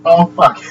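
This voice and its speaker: On a livestream, a host rambles through a loose, casual chat, swearing constantly and chuckling between sentences. His voice is a little high and sits far from the mic, with lo-fi sound and a steady hum in the background.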